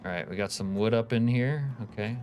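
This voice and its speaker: Male streamer, low voice, relaxed profane chat-reading banter. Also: a little fast, soft background music. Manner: laid-back, profane, reads chat aloud. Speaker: game streamer. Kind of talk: casual live-stream commentary.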